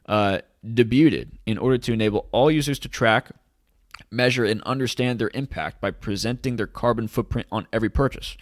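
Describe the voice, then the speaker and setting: A man's voice: medium pitch, no echo, studio quality. A man hosting a casual commentary video who reads news articles aloud and breaks off with sarcastic rhetorical questions. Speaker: host of a cryptocurrency commentary channel.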